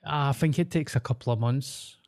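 A man's voice: medium pitch, moderate pace, darkish tone. A Scottish man co-hosting a podcast, telling stories against himself in casual banter. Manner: self-mocking storyteller. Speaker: podcast co-host. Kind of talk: casual chat.

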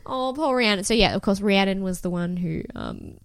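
A woman's voice: mid-range voice, normal speed, smooth, no room sound. A young woman co-hosting a podcast, chatting casually and sarcastically, acting out quotes from a reality show. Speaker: podcast co-host.

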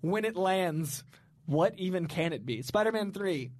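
A man's voice: high-pitched, animated, measured pace, a little mellow, dry recording. Enthusiastic man podcast co-host, dry sound. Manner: enthusiastic, rambling with fillers. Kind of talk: casual chat.

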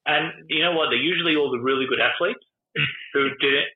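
A man's voice: a little high, fast talker, roomy sound, narrow, tinny audio. A middle-aged Australian man and former footballer, telling rambling, sweary stories in a casual podcast chat and mimicking people as he goes. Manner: rambling, swearing, laughing, with lively imitations.

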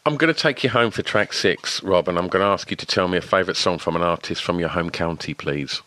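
Very deep, bright-toned male podcast host. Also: fast, dry recording. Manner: eager, stumbling restarts and repeated words. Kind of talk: podcast interview.

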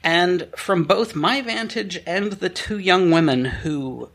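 A middle-aged man co-hosting a podcast, telling stories in a wry, deadpan way with bursts of laughter. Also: high-pitched, slow pace. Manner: wry, deadpan storyteller who breaks into laughter. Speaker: podcast co-host. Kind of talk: casual storytelling chat.

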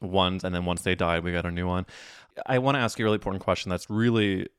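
A man's voice: low-pitched, steady tone, fast, smooth, dry recording, studio quality. A man hosting a podcast in casual chat, playful and teasing with big reactions. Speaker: podcast host.

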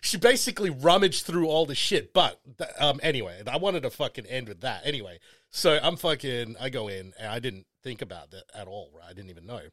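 A man's voice: medium pitch, expressive, a little fast, a bit bright, no echo. Crude, laughing man. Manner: crude, swears constantly, laughs a lot. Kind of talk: casual chat.

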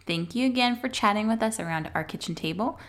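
A woman's voice: medium pitch, fast talker. A woman co-hosting a casual podcast, signing off with upbeat, friendly thanks from around a kitchen table. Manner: upbeat, friendly sign-offs. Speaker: podcast co-host.

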